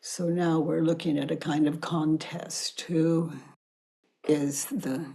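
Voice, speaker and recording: Slow, soft-spoken older woman guiding inquiry. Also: sits low, vocal fry, slightly rough. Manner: soft-spoken, often dropping to a whisper; calm, deliberate, affectionate. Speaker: facilitator guiding self-inquiry. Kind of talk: slow guided inquiry dialogue.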